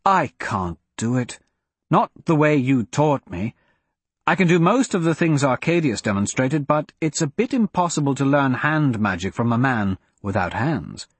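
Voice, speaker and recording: A man reading an audiobook, voicing a spirited, sharp-tongued young princess with a sarcastic, defiant manner. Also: medium pitch, sing-song, moderate pace, slightly rough, no echo. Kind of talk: audiobook character voice.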